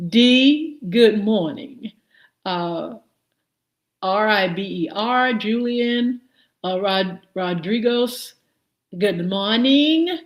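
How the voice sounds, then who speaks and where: Female live-stream host, unhurried, chatty greetings, roomy echo. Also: medium pitch, lively intonation, dull audio. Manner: warm greetings to viewers, many fillers. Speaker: morning show host. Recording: echoey room.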